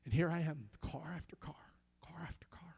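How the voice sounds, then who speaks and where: A high-voiced American man preaches a sermon. He tells his story in near-whispers and builds to loud, shouted praise. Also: moderate pace, husky. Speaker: pastor.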